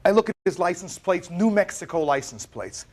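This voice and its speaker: Man, plaintiff, animated storytelling, slightly high voice. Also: moderate pace. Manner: dramatic, acts out quoted dialogue. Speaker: plaintiff in small claims court.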